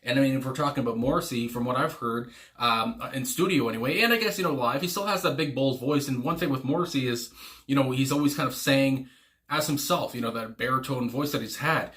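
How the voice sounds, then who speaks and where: A man chats casually through a music reaction, rambling and restarting his sentences, with lots of fillers and small chuckles. His voice sits at an ordinary pitch for a man, with a bright, forceful edge. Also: a little fast. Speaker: music reaction channel host.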